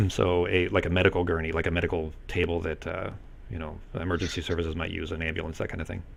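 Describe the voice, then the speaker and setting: A man's voice: low voice, level tone, fast, gravelly. A man narrating as game master in a loose, hesitant way with many fillers.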